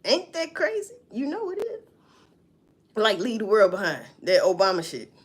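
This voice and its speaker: Animated, foul-mouthed woman vlogger. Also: mid-range voice, moderate pace, slightly rough. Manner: profane, animated, talks back to herself. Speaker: vlogger reacting to news. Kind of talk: casual news commentary.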